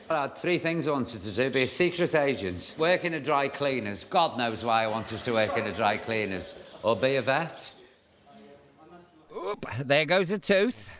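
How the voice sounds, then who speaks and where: Older male presenter, camp and cheeky, animated delivery, music bed. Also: lowish voice. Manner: camp, joking asides, cooing at dogs. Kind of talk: documentary narration and chat.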